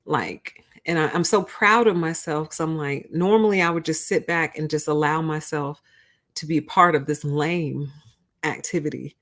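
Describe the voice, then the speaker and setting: Low-voiced blunt woman livestreamer. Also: moderate pace, a bit bright. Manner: blunt, candid, laughs often, acts out quotes. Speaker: livestream host. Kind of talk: casual livestream chat.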